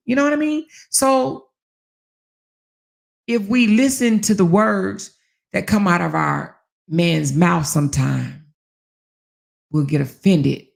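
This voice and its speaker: A woman in her forties spins a personal story in a relaxed chat. Her voice has a gravelly edge. She acts out what was said and swears freely. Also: lowish voice. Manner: animated, acts out dialogue, swears. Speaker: host. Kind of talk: casual storytelling monologue.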